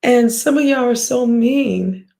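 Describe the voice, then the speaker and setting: A woman's voice: fairly high pitch, slow pace, vocal fry, mellow. A woman hosting a livestream, ranting bluntly and profanely at her viewers with scoffs and sighs. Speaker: livestream host.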